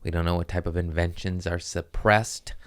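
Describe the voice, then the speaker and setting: A man's voice: deep voice, normal speed, clean tone, dry recording, clean studio sound. A man hosting a podcast, telling rambling stories in a casual chat and acting out what people said. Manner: rambling, animated storytelling with voiced quotes. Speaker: podcast host.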